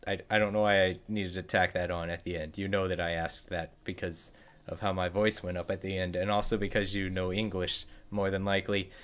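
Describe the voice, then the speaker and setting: A man's voice: sits low, level tone, brisk, a bit bright. A man streaming a video game live, chatting in a rambling, playful, self-mocking way. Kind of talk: live-streamed gameplay chat.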